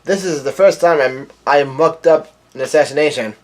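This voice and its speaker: A man reading the lines of a gruff, scheming male gangster captain in his own plain voice, blunt and complaining. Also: a little high, moderate pace, natural voice. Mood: exasperated.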